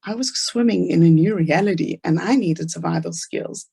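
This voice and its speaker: A woman's voice: fairly low pitch, vocal fry, dark tone, breathy edge. A woman with a South African accent giving an earnest, inspirational talk about her own life. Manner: earnest storytelling, fast asides. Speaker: speaker.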